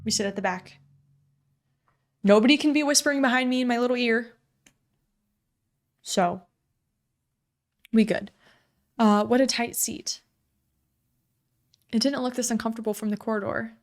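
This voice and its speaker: A woman's voice: on the high side, normal speed, pauses often. A woman giving casual gameplay commentary, blunt and profane in her reactions. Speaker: gaming streamer.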